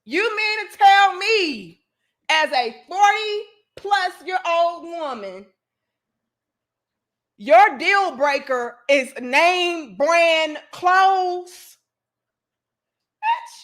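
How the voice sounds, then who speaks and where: A woman's voice: extremely high pitch, lively intonation, extremely slow, fairly bright tone. A woman hosting a livestream, ranting in a profane, emphatic and exasperated way while reading chat comments. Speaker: host.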